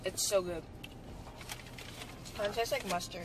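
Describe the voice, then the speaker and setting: A young woman vlogging playfully with her mother over lunch, excitable and chatty. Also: medium pitch, measured pace. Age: young adult. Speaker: vlogger daughter. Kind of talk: casual chat. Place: restaurant. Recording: noisy restaurant on a phone.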